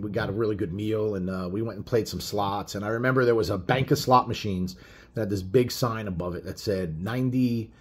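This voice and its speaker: A man's voice: medium pitch, darkish tone. A middle-aged man telling a road story in a blunt, profane, rambling way, full of fillers. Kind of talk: casual spoken storytelling.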